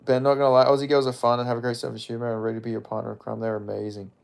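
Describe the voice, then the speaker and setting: A man chats offhand on a livestream, reading out comments and riffing on them. His voice sits at an ordinary middle pitch, and his loose, meandering talk is peppered with profanity. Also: flat delivery, very fast, creaky. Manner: rambling, frequent profanity, offhand. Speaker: streamer. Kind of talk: casual livestream chat, reading comments aloud.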